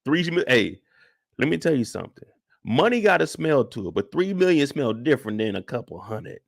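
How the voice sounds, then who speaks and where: Animated man in loose slangy chat. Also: mid-range voice, a little fast, creaky. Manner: animated, slangy, acts out reactions with loud outbursts. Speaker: host. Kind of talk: casual live after-show chat.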